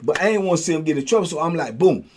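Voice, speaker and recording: A man's voice: fairly high pitch, very fast. An older man telling a prison story in casual slang, acting out the voices of the people in it. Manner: animated, acts out voices of others in his story. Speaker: storyteller host.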